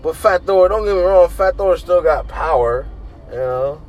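A man's voice: fairly high pitch, normal speed, highs cut off, soft background music. A man hosting a movie review show, ranting casually and profanely and acting out quoted lines. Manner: animated and profane, acts out quoted voices. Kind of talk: casual rant.

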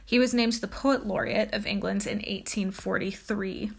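A woman's voice: medium pitch, fairly even intonation, moderate pace, creaky, husky. A woman giving an informal lecture on a poet and reading a poem aloud, with frequent ums and uhs. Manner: casual, many ums and uhs. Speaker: teacher presenting a poet.

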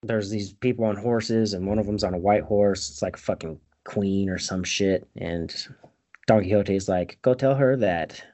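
A man's voice: on the low side, normal speed. A man casually retelling a movie plot, swearing a lot and laughing at it. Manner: profane, animated, laughs often. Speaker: movie recapper.

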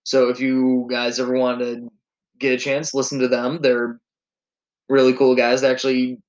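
Male podcast host, casual and enthusiastic, middle-pitched everyday voice. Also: monotone, moderate pace, low-quality recording. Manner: easygoing, enthusiastic recommendations. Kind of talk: casual chat.

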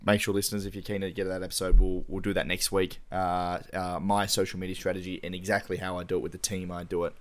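A man's voice: sits low, flat delivery, quick pace, hardly any pauses. A man co-hosting a podcast, easygoing in casual chat. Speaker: podcast co-host.

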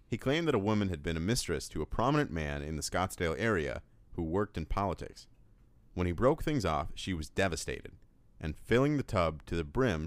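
A very low-voiced man with a lively, swinging delivery reads listener stories on a podcast. His tone is dry and teasing. The sound is close and dead, with no room in it. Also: no room sound. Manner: dry, playful delivery with frequent laughs. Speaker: podcast co-host reading listener emails. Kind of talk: casual podcast chat, reading emails aloud.

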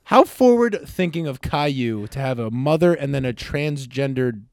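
A man co-hosting a casual podcast, bantering with lots of swearing and excitable outbursts. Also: mid-range voice, normal speed, dry recording, studio quality. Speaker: podcast co-host. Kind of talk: casual chat.

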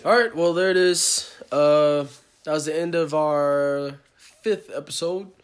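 A young man casually telling a story on a podcast, animated and profane, acting out the people he quotes. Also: a little high, takes it slowly, clear, resonant tone. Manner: animated, swears a lot, acts out quotes. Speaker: podcast co-host.

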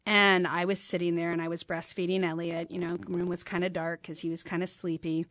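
A woman's voice: lowish voice, brisk, no echo, clean studio sound. A middle-aged woman hosting a talk show, telling a personal story and acting out the dialogue. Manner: animated, acts out quoted dialogue. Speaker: host.

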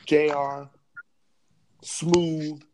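A man's voice: on the high side, little pitch movement, drawn-out words, a little mellow, a little hiss or hum. A man co-hosting a sports podcast, arguing a point with emphatic, repeated words. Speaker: podcast co-host. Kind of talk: sports debate.

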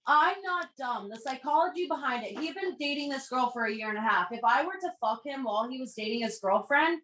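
A woman's voice: sits high, a little fast, slight background noise. A young woman telling a casual personal story with lots of swearing, acting out what each person said. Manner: animated, swears freely, acts out dialogue. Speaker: podcast guest. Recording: echoey room.

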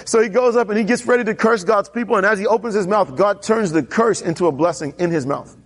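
A man preaching a sermon as pastor, telling a Bible story with animated character voices and questioning the congregation. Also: quick pace, breathy edge. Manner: animated storytelling, voicing characters with pitch jumps.

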